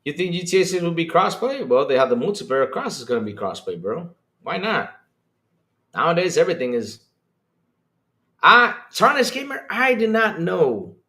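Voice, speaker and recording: Man, high lively voice, excitable livestream host, swears freely, echoey room. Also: moderate pace. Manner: animated, excitable, swears freely, voice jumps up when worked up. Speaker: podcast host streaming to chat. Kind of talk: casual opinionated livestream talk.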